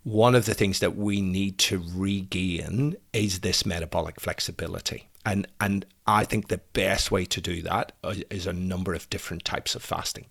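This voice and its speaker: A man talking in a casual podcast interview as a fasting expert, animated, with many stammered restarts and "right?" checks. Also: low-pitched, creaky. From Britain. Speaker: fasting and fat loss expert guest.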